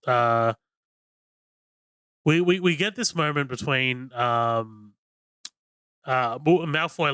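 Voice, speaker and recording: Rambling, enthusiastic man with a bright voice. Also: mid-range voice, smooth, no room sound. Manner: rambling and enthusiastic, heavy on "like" and swearing. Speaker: podcast co-host. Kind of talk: casual film-review chat.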